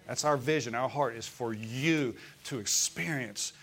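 A man's voice: mid-range voice, a little slow, fairly bright tone. A male pastor preaching a sermon in a conversational way, often turning to the congregation with questions. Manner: acts out voices in quotes.

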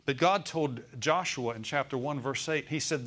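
A man's voice: mid-range voice, moderate pace, few pauses, fairly bright tone. An older man preaching a sermon in a folksy, rambling way, climbing to emphatic declarations when he quotes scripture.

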